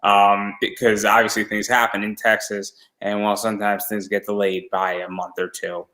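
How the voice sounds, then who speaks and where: A man's voice: fairly low pitch, little pitch movement, moderate pace, pushed and bright, rough recording. A man from the United States hosting a casual interview, chatty and self-deprecating, often restarting his sentences. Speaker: podcast host.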